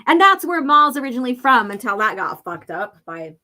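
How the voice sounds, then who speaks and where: A woman's voice: fairly high pitch, sing-song, brisk, pushed and bright. A woman co-hosting a casual chat, reading a comic aloud, laughing often and acting out quoted lines. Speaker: podcast co-host.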